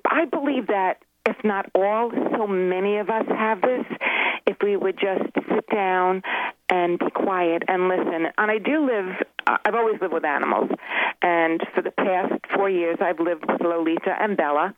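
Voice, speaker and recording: A woman's voice: fairly low pitch, moderate pace, a little hiss or hum. A woman calling in as a guest animal communicator on a radio interview, telling long earnest stories with many restarts. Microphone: telephone. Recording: tinny phone line.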